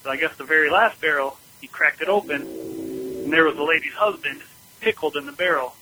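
A man from Ohio leaving a voicemail for a podcast, telling a story haltingly with many uhs and ums. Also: a little high, noisy background. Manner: halting, full of uh and um.

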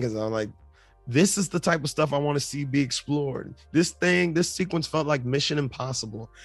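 Rambling, excitable podcast host, a man. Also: medium pitch, no echo. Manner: rambling and enthusiastic, with many fillers. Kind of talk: casual movie review.

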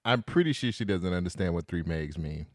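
A man's voice: low voice, expressive, fairly quick, no room sound, clean studio sound. A young man co-hosting a podcast who reacts with short, joking comments and laughs often. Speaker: podcast co-host. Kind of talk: casual chat.

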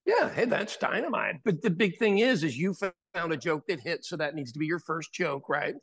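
Gravelly-voiced American man telling stories. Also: fairly high pitch, moderate pace. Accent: General American. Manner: animated storyteller, mimics voices in anecdotes. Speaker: podcast host. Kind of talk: casual chat.

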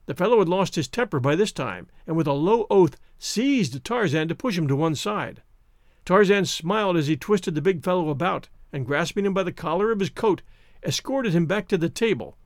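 A man's voice: a little high, lively intonation, moderate pace, no echo, clean studio sound. A man reading a classic adventure novel aloud, giving each character his own voice in a dramatic telling. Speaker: audiobook narrator.

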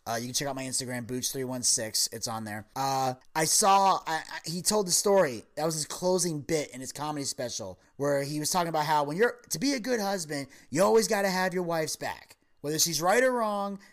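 A man's voice: on the high side, fairly quick, few pauses. A man hosting a podcast, telling a long story in casual chat and acting out the quoted lines. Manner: animated storyteller who acts out quoted lines. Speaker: podcast host.

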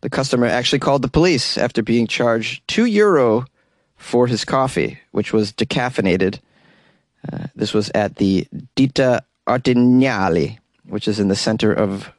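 A man's voice: fairly low pitch, expressive, moderate pace, dry recording, clean studio sound. A man hosting a radio talk show, reading news stories and adding wry, sarcastic asides in a casual way.

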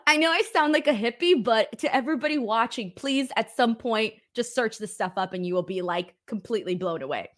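Chatty laughing woman host, fairly high voice. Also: lively intonation, fairly quick, hardly any pauses. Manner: chatty, laughs often, earnest storytelling. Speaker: podcast host. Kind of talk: casual chat.

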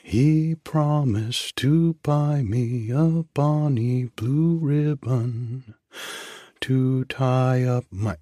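A man voicing a spirited seventeen-year-old girl in an audiobook, speaking gravely and a little stately. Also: fairly low pitch, big pitch swings, measured pace, darkish tone, no echo, clean studio sound, full character voice. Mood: singing.

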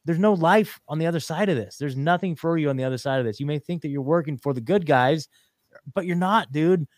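A man's voice: on the high side, a little fast, no room sound, studio quality. A man hosting a podcast in casual chat, rambling with many fillers and breaking into rants. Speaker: podcast host.

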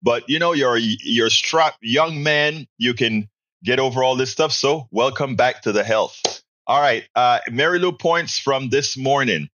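Reading listener comments on his casual podcast, a man answers them with pointed opinions in a live call-in commentary format. His mid-range voice is pushed and bright, his pace measured, and the recording sounds dry and muffled.

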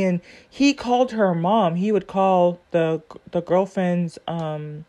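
A woman's voice: lowish voice, takes it slowly, few pauses, dark tone. Earnest, rambling woman commentator. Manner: earnest, rambling, thinks aloud with many fillers. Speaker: commentator reacting to a court video. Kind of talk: casual commentary.

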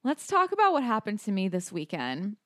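A woman's voice: medium pitch, wildly swooping pitch, a little fast, fairly bright tone, no echo, clean studio sound. A young woman co-hosting a podcast, telling a personal story candidly and laughing often. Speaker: podcast co-host. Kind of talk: casual chat.

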